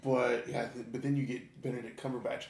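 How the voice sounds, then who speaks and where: A man's voice: medium pitch, level tone, a little fast, creaky, roomy sound, crowd noise. A man chatting casually on a podcast, rambling with many fillers and chuckles. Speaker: podcast co-host. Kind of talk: casual chat.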